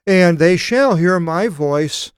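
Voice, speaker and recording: Clear-voiced male Bible teacher. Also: sits high, expressive, no room sound, clean studio sound. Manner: reads scripture aloud then explains, with thoughtful pauses and "uh" fillers. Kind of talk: Bible study seminar, reading verses with commentary.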